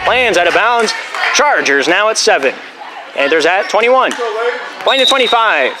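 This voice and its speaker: A young man doing volleyball play-by-play in a school gym, calling the plays fast and dropping jokey, rambling asides, a bit out of breath. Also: high-pitched, sing-song, a crowd in the background, noisy background. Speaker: play-by-play announcer. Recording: loud gym ambience.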